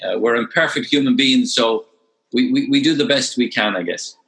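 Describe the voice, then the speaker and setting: With a medium-pitched, creaky voice at normal speed, a man in his sixties from Ireland recounts his story as an interview guest in an Irish accent. He gets animated and repeats words as he goes, and the recording quality is low.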